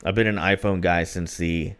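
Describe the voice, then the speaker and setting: A man's voice: low voice, steady tone, moderate pace, a bit bright. A man co-hosting a podcast, chatting casually and telling rambling stories with plenty of fillers. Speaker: podcast co-host.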